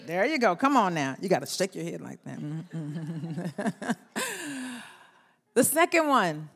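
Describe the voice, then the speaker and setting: Taking it slowly and pausing often, a woman pastor with a lowish, gravelly, slightly rough voice delivers a lively sermon. She acts out inner voices and leads the congregation in call-and-response.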